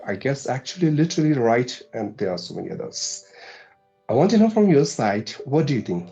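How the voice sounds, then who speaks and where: Mellow-voiced man praising effusively. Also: medium pitch, dull audio. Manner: florid, effusive praise with elaborate vocabulary. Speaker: interviewer. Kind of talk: formal interview questions.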